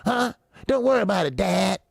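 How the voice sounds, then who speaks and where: A man's voice: sits high, animated, brisk, vocal fry, no room sound, studio quality. A man hosting a boxing channel, delivering a heated commentary monologue in a profane, repetitive and mocking way.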